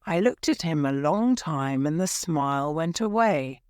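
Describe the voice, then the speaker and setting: A woman slowly reading a dramatic story aloud, clear and deliberate, for English learners. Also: deep voice, expressive, darkish tone, no room sound, studio quality. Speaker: story reader.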